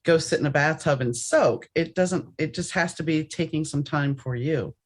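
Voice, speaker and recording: A woman's voice: low-pitched, normal speed. A woman hosting a podcast, speaking emphatically and directly to her listeners. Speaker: podcast host. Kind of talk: casual conversational interview.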